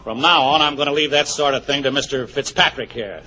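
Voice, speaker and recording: A man with a gruff, wisecracking manner in a scripted radio comedy. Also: mid-range voice, a little fast, bright, forceful tone. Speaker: comic guest. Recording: dull 1940s radio broadcast with hiss.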